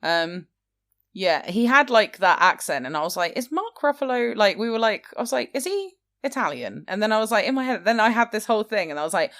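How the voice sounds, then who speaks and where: A woman's voice: medium pitch, expressive, brisk, a bit bright. A woman chatting casually on a film podcast, retelling scenes with quoted asides. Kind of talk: casual chat.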